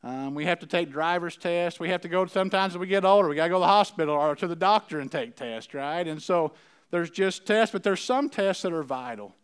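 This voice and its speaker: Middle-aged man preacher, folksy and chatty, smooth, slightly high voice. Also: expressive, a little fast. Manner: conversational, folksy, checks in with the audience often. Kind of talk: sermon.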